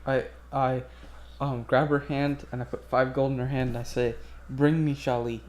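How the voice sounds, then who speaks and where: A man's voice: mid-range voice, flat delivery, moderate pace, a little hiss or hum. A man playing a tabletop game, describing his character's actions hesitantly, with repeated words. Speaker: player.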